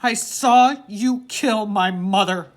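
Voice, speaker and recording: A woman reading an audiobook, voicing a desperate teenage boy in high, strained shouts. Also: takes it slowly, natural voice. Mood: insistent. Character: desperate teenage boy, big and slow-spoken. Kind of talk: audiobook character voice.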